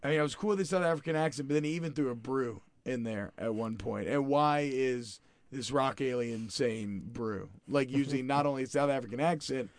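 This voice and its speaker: A man's voice: mid-range voice, a little fast. A man talks through a film with friends in a loose, rambling way, circling back on his own thoughts and throwing questions at the others. His voice sits in an ordinary middle range. The sound is close and dry, with no room echo. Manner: rambling, self-correcting, questioning. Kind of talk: casual film discussion.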